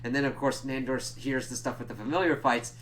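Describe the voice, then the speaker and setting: A young man runs through a TV episode in a loose, rambling recap, peppering it with profanity and constant "like"s. His voice sits at an ordinary male pitch. A faint hum sits underneath. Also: fairly even intonation, fast talker, fairly bright tone. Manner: rambling, profane retelling full of "like". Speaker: TV episode reviewer. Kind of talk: casual spoiler review recap.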